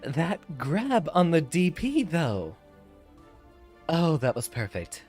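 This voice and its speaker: A man's voice: on the high side, huge pitch swings, slow pace, a little mellow, soft background music. A man streaming a fighting game, chatting and thinking aloud as he plays, now and then laughing. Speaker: VTuber streamer. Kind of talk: live gameplay commentary.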